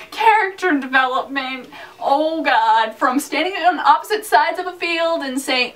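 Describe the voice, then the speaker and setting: A young woman gushing emotionally and quickly in a fan reaction chat, her words tumbling out in excited bursts. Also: sits high. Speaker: fan vlogger reviewing a TV episode. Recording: voice a little far from the mic.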